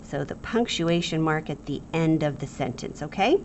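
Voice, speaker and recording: A woman's voice: low voice, lively intonation, moderate pace, a little mellow, slight background noise. A woman teacher giving a review lesson to young students, playful and acting out the example sentences.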